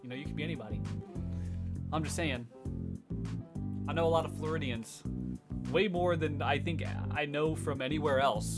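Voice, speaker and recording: A young man chatting casually on a livestream as a music streamer, sardonic and rambling, swearing freely. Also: medium pitch.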